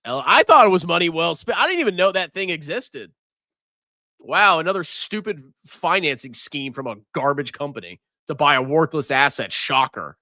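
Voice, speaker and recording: Reading out viewer messages on his live finance stream, this American host teases and mocks them, laughing often. His voice is on the high side with a sharp tone, captured in clean studio sound without echo.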